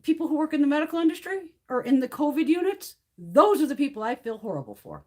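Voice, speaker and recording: Loud-mouthed lady on a livestream, kinda high voice, bouncing all over, cussing and laughing. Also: quick pace. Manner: blunt, profane, animated ranting with laughs. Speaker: beauty livestream host. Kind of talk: casual chat while reading live comments.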